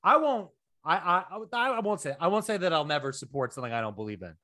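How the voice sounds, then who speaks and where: A middle-aged man co-hosting a podcast, telling profane stories in a casual chat that climbs to near-shouts. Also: fairly high pitch, quick pace. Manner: animated, profane storytelling, rising to near-shouts. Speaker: podcast co-host.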